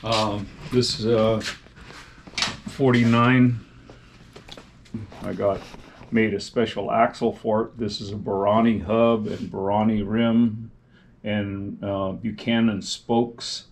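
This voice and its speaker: A man's voice: lowish voice, little pitch movement, slow, pauses often. A man who builds motorcycles, talking shop in a casual, plainspoken, technical way. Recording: echoey room with faint background noise.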